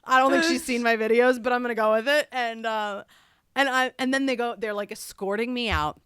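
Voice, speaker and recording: A woman co-hosting a comedy podcast over a video call, telling a story in a casual, animated way and acting out the quotes. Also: on the high side, fairly quick, clean tone, no room sound, clean studio sound. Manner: animated, acts out quotes in shifting voices. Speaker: podcast co-host and impressionist. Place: home setup on a video call.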